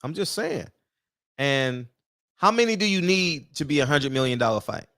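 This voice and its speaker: A man's voice: a little high, big pitch swings, normal speed, sharp tone, no room sound, studio quality. A man hosting a commentary show, ranting heatedly and firing off rhetorical questions. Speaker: boxing commentary host.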